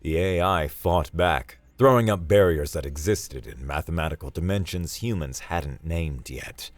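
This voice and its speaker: A man narrating a sci-fi story in a dry, steady storytelling manner. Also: rumbling low, a little slow, no echo. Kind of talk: scripted narration.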